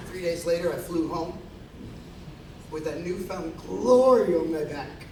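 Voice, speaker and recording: A singer telling a profane, animated story between songs on a concert stage, in an echoey live hall recorded from far off. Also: male voice, on the high side, measured pace, slight background noise.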